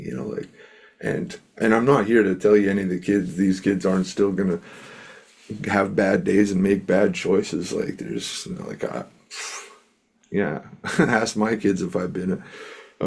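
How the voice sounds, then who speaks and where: A man's voice: deep voice, gravelly, a little mellow, breathy edge. A middle-aged man from Canada, a musician and speaker, telling stories as an interview guest in an earnest, rambling way with lots of fillers. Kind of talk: storytelling in an interview.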